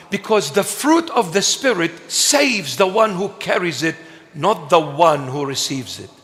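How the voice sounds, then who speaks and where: A bishop delivers his sermon in a raised, emphatic voice, pausing for playful asides. He speaks at a deliberate, unhurried pace. His voice rings out with a long reverb through a large church hall. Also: a little high, fairly bright tone.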